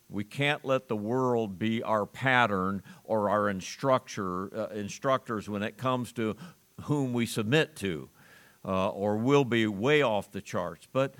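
A man preaching a sermon to a congregation, earnest, with pauses, restarts and emphatic rises on key lines. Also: medium pitch. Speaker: pastor.

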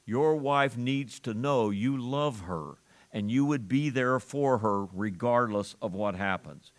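Guy preaching a sermon real slow and deliberate, earnest, leans hard on the key lines. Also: medium pitch. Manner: earnest preaching with pauses, restarts and rising emphasis. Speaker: pastor.

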